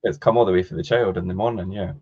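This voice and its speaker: Male podcast co-host, very deep and husky, agreeable listener; dull lo-fi sound. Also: steady tone, fast. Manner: agreeable listener, brief affirmations. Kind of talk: casual chat, backchanneling. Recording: dull, slightly lo-fi podcast audio.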